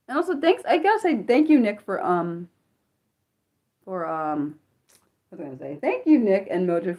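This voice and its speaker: A woman's voice: lowish voice, warm tone. Woman on a phone livestream, reading chat comments, says sorry a lot, lots of um and restarts. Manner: apologetic, rambling, many fillers and restarts. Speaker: livestream host.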